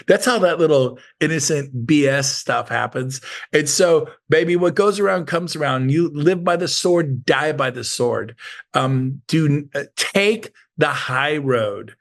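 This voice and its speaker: A man giving a lively motivational training talk to an online group, asking the chat questions and acting out quoted voices. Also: on the high side, measured pace, creaky. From Sacramento area, US. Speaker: real estate coach.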